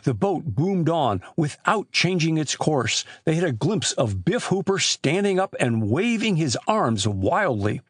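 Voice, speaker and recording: A man reading an adventure novel aloud as an audiobook narrator, with animated shifts for the characters. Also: on the high side, measured pace, hardly any pauses, husky, no room sound, clean studio sound. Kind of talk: scripted narration.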